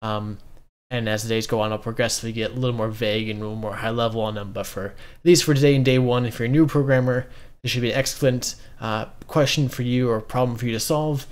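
A man's voice: mid-range voice, fast, clear, resonant tone. A man casually talking through his code as he solves a programming puzzle, with lots of ums and uhs. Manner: relaxed, many ums and uhs, thinks aloud. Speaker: coding streamer. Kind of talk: casual coding walkthrough.

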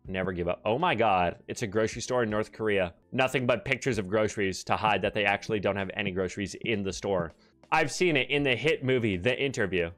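A man's voice: fairly low pitch, fairly bright tone. A young Canadian man with a Canadian accent, streaming a shop game and joking crudely with his chat. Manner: brash, crude, jokey, talks to chat. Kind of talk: joking gameplay commentary.

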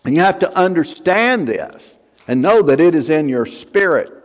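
A man's voice: a little high, big pitch swings, normal speed. A male pastor preaching a fervent sermon, building emphasis through repeated phrases. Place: church sanctuary. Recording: long church hall reverb.

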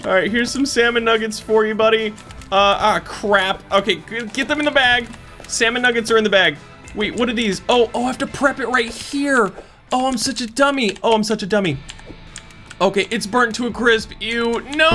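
A man's voice: very high voice, normal speed, bright, forceful tone, soft background music. A young man in playful let's-play commentary, chatting through a cooking game and greeting customers in a cheery service voice. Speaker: gaming YouTuber.

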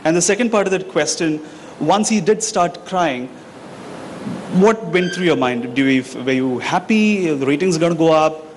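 A man in the audience asks his question hesitantly, with a light teasing edge. His voice is slightly high, with a faint hum in the background. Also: normal speed. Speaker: audience member asking a question.

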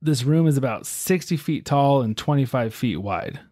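A man's voice: mid-range voice, normal speed, dry recording. Guy on a podcast telling a long story, chill and chatty, dry close mic. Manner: relaxed storyteller, many fillers and asides. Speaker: podcast host. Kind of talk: casual storytelling chat.

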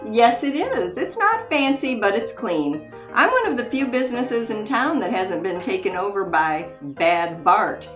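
A woman's voice: medium pitch, sing-song, measured pace, few pauses, fairly bright tone, roomy sound, soft background music. A woman playing a friendly frontier saloon owner with a welcoming manner. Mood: earnest.

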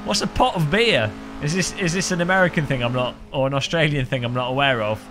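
A man streaming a racing game, joking and rambling with frequent laughs, a little hoarse after hours of talking. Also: fairly high pitch, quick pace, music in the background. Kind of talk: live-stream gaming commentary. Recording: game car engine noise behind.

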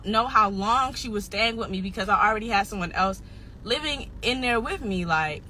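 Upset 19 yo girl ranting on a live stream, high voice, cusses constantly, repeats stuff, kinda teary. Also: bright, forceful tone, slight background noise. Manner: upset and defensive, heavy swearing, repeats herself. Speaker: social media personality. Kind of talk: venting on a livestream.

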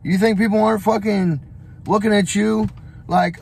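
A man's voice: sits high, steady tone, normal speed, creaky, darkish tone, slight background noise. A young man vlogging on the road, giving a blunt, profane motivational rant full of fillers and restarts. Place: on the road, traveling.

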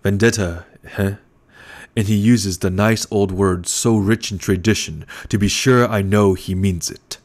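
A man reading an audiobook, voicing a fat, scheming older baron with a rumbling bass voice and a gloating, impatient manner. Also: fairly even intonation, measured pace, a little mellow.

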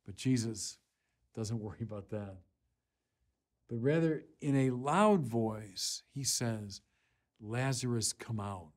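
A man, a bishop, preaching a Sunday sermon in earnest, deliberate phrases with pauses, rising in force when he quotes scripture. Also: mid-range voice, lively intonation. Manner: slow, deliberate delivery with pauses.

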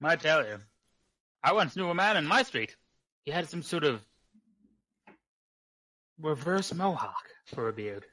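A man voicing an excitable, curious man in a tabletop role-play game, asking eager questions. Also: measured pace, pauses often, full character voice, poor audio. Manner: eager questioning, swooping high.

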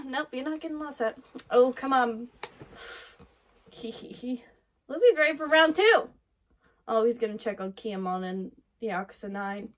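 A woman hosting an anime reaction, talking excitedly over what she watches, gasping, laughing and swearing. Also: high-pitched. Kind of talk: live reaction commentary.

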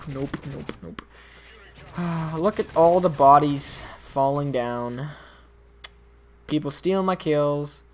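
A man's voice: mid-range voice, slight background noise. A man giving casual, rambling gameplay commentary, talking straight to his viewers. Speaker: YouTube gamer.

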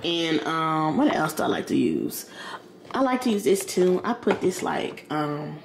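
This woman has a deep, sing-song voice with a creaky edge, and she talks at a measured pace. Casually vlogging in her home kitchen, she rambles, uses lots of slang, and keeps calling viewers "y'all" and "girl," all recorded in an echoey space with noise behind her.

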